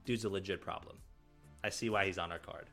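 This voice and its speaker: A man's voice: low-pitched, steady tone, fairly quick, vocal fry, fairly bright tone, soft background music. A man as a guest on a casual sports podcast, talking in a hyped, emphatic and slangy way.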